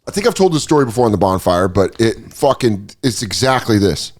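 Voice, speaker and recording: A man's voice: fairly low pitch, a little fast. A man hosting a casual podcast, telling stories and acting out other people's lines. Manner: animated storytelling, acts out other people in put-on voices. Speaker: podcast host.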